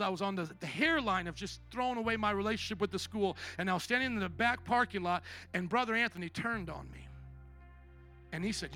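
A male pastor preaching a sermon as a personal testimony, his storytelling swinging from hushed to loud. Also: high voice.

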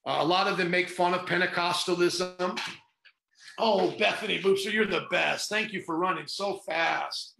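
A man's voice: high-pitched, steady tone, normal speed, creaky, reverberant, noisy background. A middle-aged man, a pastor hosting a podcast, talks in a fervent, sarcastic, rambling way. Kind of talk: casual preaching podcast.

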